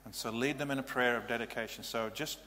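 Plain-spoken pastor in a reverberant hall. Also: male voice, mid-range voice, fairly even intonation, fast talker, pushed and bright. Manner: plain-spoken, practical, matter-of-fact. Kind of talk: teaching sermon. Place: church hall. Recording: reverberant hall, faint hum.

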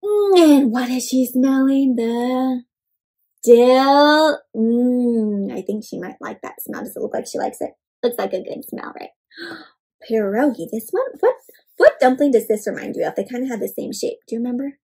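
A woman reading a picture book aloud to children, animated and often asking her young listeners questions. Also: on the high side, moderate pace, husky. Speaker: children's storyteller. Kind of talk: interactive read-aloud for kids.

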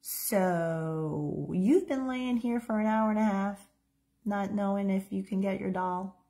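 A woman acting as a nurturing mother, with a soft, reassuring way of speaking. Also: mid-range voice, animated, takes it slowly. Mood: soothing. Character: gentle, nurturing mother comforting her child.

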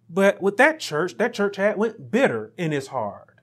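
A man preaching a sermon as pastor, building to emphatic peaks and dropping to quiet asides. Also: high-pitched, big pitch swings, a little slow, husky.

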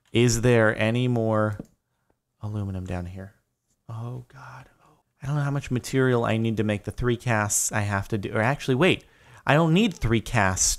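A young man giving chatty running commentary while playing a game, turning to panicked shouts when chased. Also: mid-range voice, creaky. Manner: chatty, jumps to panicked yelling. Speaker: gaming YouTuber. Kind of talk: live Minecraft commentary.

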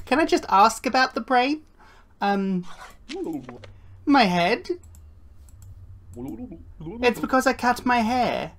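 A woman's voice: on the high side, animated, extremely slow, long pauses. A woman giving playful gameplay commentary, chatting and slipping into put-on voices for the characters. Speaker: gaming YouTuber.

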